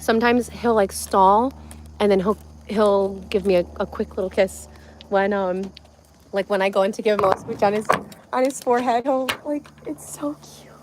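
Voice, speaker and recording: A woman's voice: mid-range voice, fairly even intonation, normal speed, noisy background. Rambly young woman chatting on a livestream. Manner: rambling, filler-heavy, giggly. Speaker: livestream host. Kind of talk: casual livestream chat.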